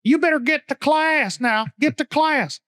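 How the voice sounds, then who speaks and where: A male principal ordering kids to class in a very high, squeaky voice, stretching every word slowly. Dry, close sound. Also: fairly bright tone, dry recording. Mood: commanding.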